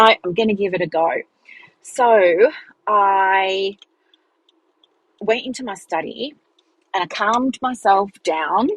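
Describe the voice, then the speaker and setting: A woman's voice: mid-range voice, breathy edge, dry recording, rough recording. A woman telling a personal story in a chatty podcast monologue, acting out the dialogue with big jumps in her voice. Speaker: business mentor and podcast host.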